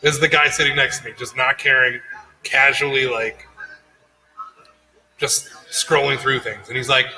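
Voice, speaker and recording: A man co-hosting a podcast, telling a story in a casual, animated way and acting out the people he quotes. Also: medium pitch, normal speed, pauses often, low-quality recording. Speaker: podcast co-host.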